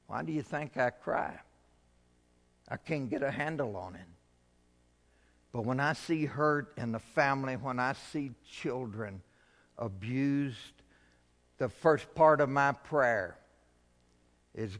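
A man's voice: medium pitch, lively intonation, takes it slowly, gravelly, pauses often. Man preaching in a reverberant hall. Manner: preaching with big swings from loud to hushed. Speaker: pastor. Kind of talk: sermon.

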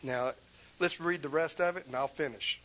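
A man's voice: fairly high pitch, normal speed, bright, forceful tone, low-quality recording. A man preaching a sermon in an impassioned, emphatic way, pressing his points with rhetorical questions.

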